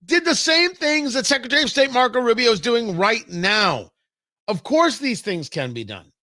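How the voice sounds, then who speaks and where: Animated, sarcastic male talk host. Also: moderate pace, no room sound, clean studio sound. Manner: animated, sarcastic, swings between loud jabs and low asides. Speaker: radio talk show host. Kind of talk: opinionated political commentary.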